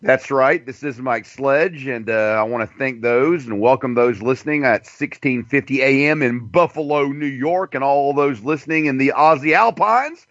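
A man's voice: medium pitch, normal speed, few pauses, fairly bright tone, no echo. A man hosting a talk radio show, rambling and crude, with a joking manner. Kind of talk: casual talk radio monologue. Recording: dull dry lo-fi sound.

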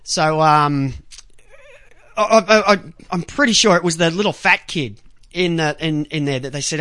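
A man's voice: fairly high pitch, normal speed, bright, forceful tone, no echo. An Australian man hosting a talk radio show, rambling casually with lots of ums, restarts and swearing, close to the mic.

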